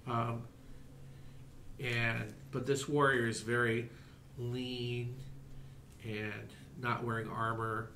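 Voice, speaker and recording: A man narrating a tabletop game as game master, halting with many fillers. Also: mid-range voice, little pitch movement, creaky, sharp tone, roomy sound, slight background noise.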